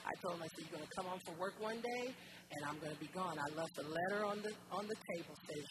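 A woman giving an emphatic testimony in church, her voice climbing high at the emotional moments. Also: fast talker. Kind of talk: testimony sermon. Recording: loud background noise.

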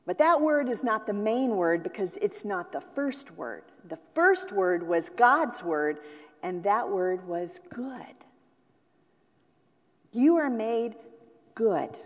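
A woman pastor preaching a sermon, slow and deliberate, sometimes acting out the voices she quotes. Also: medium pitch, animated, big-room sound. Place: church sanctuary.

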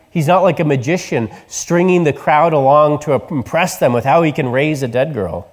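A man preaching a sermon, telling the story with voices and dropping to soft, tender tones for the quiet words. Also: fairly high pitch, normal speed, in a large hall. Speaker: pastor.

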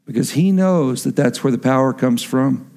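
A middle-aged man preaching a sermon as pastor, telling a story and then dropping into earnest, hushed emphasis. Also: medium pitch, moderate pace, vocal fry.

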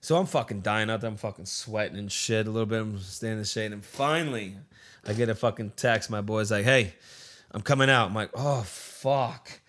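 A man's voice: on the low side, brisk, a bit bright. A man casually telling a long anecdote, rambling and swearing often, and acting out what his friends said. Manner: rambling, profane, acts out quoted friends. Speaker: storyteller.

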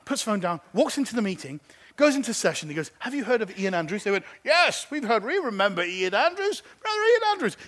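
A man preaching as pastor, telling a story and acting out the people in it, animated and lively. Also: high voice. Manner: animated, acts out phone conversations. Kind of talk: sermon storytelling. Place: church.

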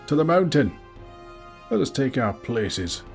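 A man voicing a male warrior leader who shouts commands to his troops in a put-on accent, in an audiobook reading. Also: low voice, fairly even intonation, a little slow, faint music behind. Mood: commanding. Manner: loud commanding calls, accent attempt.

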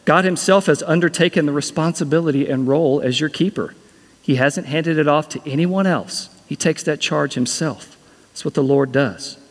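A man's voice: fairly high pitch, in a large hall. A man preaching a sermon as pastor, earnest and repeating key phrases for emphasis.

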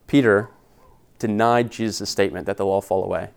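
A man's voice: fairly low pitch, fairly even intonation, a little fast, gravelly, smooth. A man preaching an expository sermon as pastor, earnest and conversational, retelling scripture in casual everyday words. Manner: earnest and conversational, with slangy paraphrase.

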